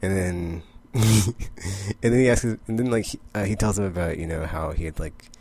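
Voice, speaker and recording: A man's voice: deep voice, moderate pace, darkish tone. A young man casually recapping comic issues in a rambling way, full of fillers and quoted character lines. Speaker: comic book vlogger.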